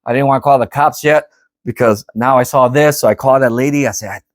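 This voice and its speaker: A middle-aged man telling a story to camera in a casual, animated, rambling way, often repeating himself. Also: medium pitch, fast talker, dry recording. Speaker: vlogger.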